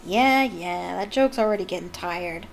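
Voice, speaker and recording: A woman's voice: medium pitch, animated, moderate pace. A young woman reading a book aloud as a fan, with chatty, jokey asides. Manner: chatty, jokey, laughs at the text. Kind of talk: casual read-aloud with commentary.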